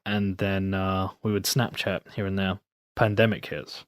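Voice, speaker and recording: A young man talks on a podcast in a loose, relaxed way, spinning a long story. His voice sits low. The recording is dry and close, with no room sound. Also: unhurried, no echo. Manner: relaxed storyteller, acts out his friends' lines. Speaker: guest. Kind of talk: casual chat.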